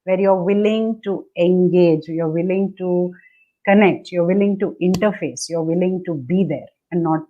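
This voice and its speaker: A woman's voice: fairly low pitch, moderate pace, phone-quality sound. A woman coaching on relationships, dictating step by step over a video call and acting out the attitudes she describes. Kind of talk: instructive conversation.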